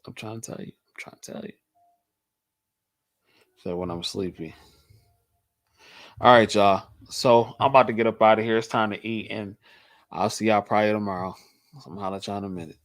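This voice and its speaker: Man from Michigan, low voice, dry close sound, easygoing livestream host who repeats himself for emphasis. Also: steady tone, quick pace, dry recording. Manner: laid-back, repeats points for emphasis. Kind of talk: casual livestream chat answering viewers.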